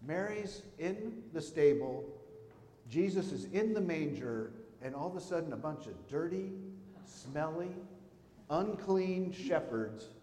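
A man's voice: fairly high pitch, expressive, slow pace, mellow, slight background noise. A middle-aged man preaching a conversational sermon as pastor, telling stories and asking the congregation questions. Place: church sanctuary. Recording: echoey church hall with a long reverb.

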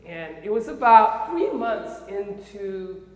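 Male preacher, Korean accent, lively storyteller who checks in with the crowd; recorded in a reverberant hall. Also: high-pitched, slow pace. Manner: animated storyteller, often checks in with "okay?" and "right?". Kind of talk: sermon storytelling. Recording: echoey hall with long reverb.

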